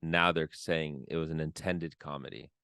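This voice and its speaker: A man's voice: very deep voice, moderate pace, creaky, clean tone, no echo, clean studio sound. A man co-hosting a podcast, telling stories casually with lots of fillers. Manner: relaxed storytelling with frequent fillers. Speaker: podcast co-host.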